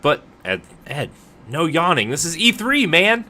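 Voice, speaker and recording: A man's voice: on the high side, big pitch swings, unhurried, pushed and bright, a little hiss or hum. A man co-hosting a podcast in casual chat, rambling and joking with plenty of filler words. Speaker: podcast co-host.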